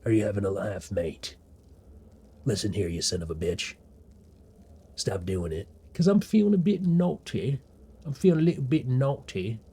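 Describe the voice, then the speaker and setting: A man's voice: moderate pace, long pauses, slightly rough. A man putting on a cheeky mock-Aussie bloke. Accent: mock Australian, mixed with other accents. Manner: exaggerated, jokey, swings loud and low. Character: cheeky rowdy Australian bloke, adult man.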